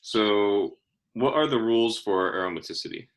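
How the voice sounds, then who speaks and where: A man's voice: lowish voice, animated, normal speed. A young man tutoring chemistry, asking guiding questions in a patient, casual way with frequent restarts.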